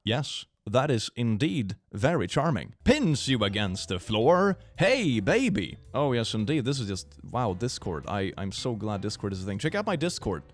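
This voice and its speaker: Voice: medium pitch, very animated, normal speed, hardly any pauses, no echo. A comedic commentator reading awful messages aloud in mock-dramatic, sarcastic voices.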